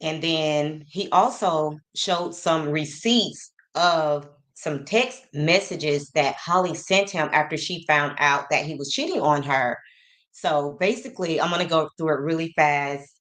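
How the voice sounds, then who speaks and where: Brief: livestream host, woman, low voice, chatty, reads texts aloud deliberately. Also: fairly bright tone. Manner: reads messages aloud slowly, greets chat by name. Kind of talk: casual livestream commentary.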